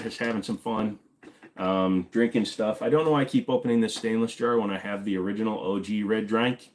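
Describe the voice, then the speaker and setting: A man sits hosting a casual live question-and-answer stream, answering chat in a rambling, joking way. His voice sits a bit low. He is from Virginia and talks while fiddling with things on his desk. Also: fairly quick, darkish tone, slight background noise.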